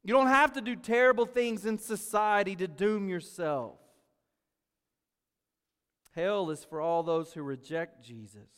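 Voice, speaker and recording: A man preaching a sermon as pastor, swinging between loud urgency and quiet asides. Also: high voice, a little slow, long pauses, smooth, in a large hall.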